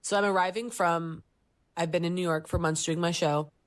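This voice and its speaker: Woman, 30s, podcast co-host. Lower register, close and dry mic. Lively storyteller who jumps into squeaky voices for the quotes. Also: normal speed, no room sound. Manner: animated storyteller, acts out voices and jumps up high for quoted lines. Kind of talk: casual chat, telling a story.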